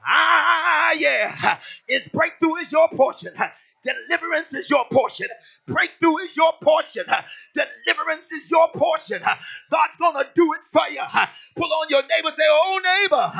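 High, fervent preacher, shouting. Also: male voice, creaky. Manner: fervent, shouting call-and-response. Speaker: pastor. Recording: dull lo-fi church recording.

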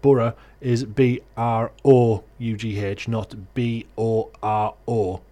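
A man with a Middlesbrough accent co-hosting a casual podcast, animated and ranty, with swearing. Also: mid-range voice, slow. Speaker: podcast co-host.

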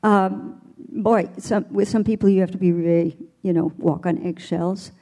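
A woman's voice: lowish voice, steady tone, normal speed, mellow. An older woman voice teacher answers a panel question thoughtfully, explaining her methods with vivid imagery. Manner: thoughtful, demonstrative with vocal imagery.

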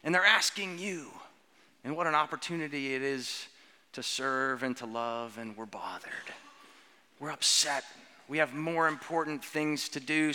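A pastor with a fairly high, bright voice gives an earnest sermon. He stretches out key words and asks questions of the children. His voice rings through a church with a long reverb. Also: clear, resonant tone. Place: church sanctuary.

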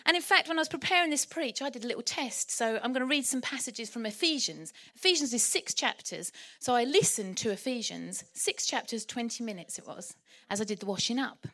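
A woman delivering a sermon in church, lively, humorous and animated. Her voice sits high and has a bright edge, and it keeps the congregation engaged. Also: a little fast, hardly any pauses. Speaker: preacher.

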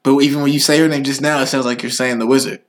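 A young man joking around in a relaxed, slangy back-and-forth, with a voice of ordinary middle pitch. He talks easily and keeps the banter loose. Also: racing. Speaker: podcast co-host. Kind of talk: casual chat.

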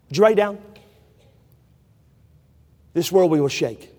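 A man's voice: a little high, expressive, slow, pauses often, warm tone, in a large hall. A man preaching a sermon in a college chapel, fervent and repetitive in his exhortations. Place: large chapel.

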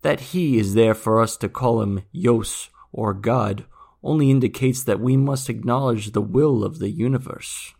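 Male reader as a zealous lecturing monk, earnest and gravelly. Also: mid-range voice, unhurried, darkish tone. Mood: preaching. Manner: earnest, preachy, rising intensity.

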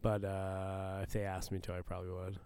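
A man's voice: low voice, monotone, brisk, darkish tone, clean tone, dry recording, clean studio sound. A man co-hosting a podcast in casual chat, teasing with crude jokes and laughing often. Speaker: podcast co-host.

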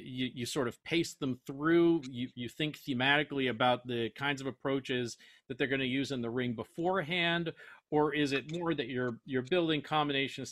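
A man's voice: medium pitch, a bit bright, no room sound. Man asking long, winding panel questions. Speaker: panel moderator. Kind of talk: discussion questions.

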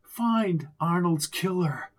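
A man reading an audiobook, voicing a grieving older society woman who speaks in a shaky, halting way. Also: sits high, lively intonation, pitched above the performer's own voice, heavily acted. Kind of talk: audiobook character voice.

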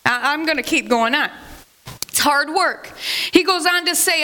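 Bright high-voiced woman teaching Scripture. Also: moderate pace, long pauses. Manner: chatty, asks herself questions and answers them. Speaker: Bible teacher. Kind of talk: casual sermon.

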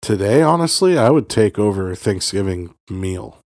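A man's voice: fairly low pitch, animated, moderate pace, darkish tone, no room sound, studio quality. A man co-hosting a podcast, talking in a tired, laid-back, casual way. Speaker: podcast co-host. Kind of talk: casual chat.

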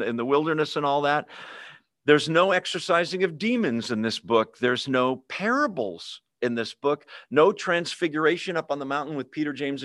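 A man's voice: a little high, fairly bright tone, dry recording, studio quality. A man leading a Bible study over a video call, talking casually with fillers and humorous asides. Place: online video meeting.

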